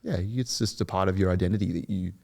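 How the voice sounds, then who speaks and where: Gravelly-voiced young man, earnest and rambling. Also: low-pitched, fast talker, dark tone. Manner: earnest, rambling with frequent restarts. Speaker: guest. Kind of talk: podcast interview.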